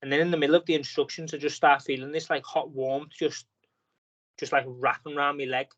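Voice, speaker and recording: A man's voice: a little high, level tone, brisk, fairly bright tone, dull audio. A man, a boxer appearing as a guest, talking casually on a podcast and telling a long story packed with fillers and restarts. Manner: rambling storytelling with many fillers.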